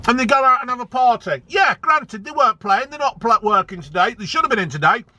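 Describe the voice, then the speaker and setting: A man's voice: very high voice, expressive, fast, pushed and bright. A man ranting angrily as a football fan vlogger, swearing a lot and repeating himself for emphasis. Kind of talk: angry ranting vlog.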